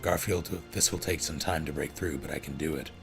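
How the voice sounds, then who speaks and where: A man's voice: extremely low pitch, steady tone, fairly quick, creaky, over music. A man voicing a young female thief who pleads urgently in clipped, broken phrases.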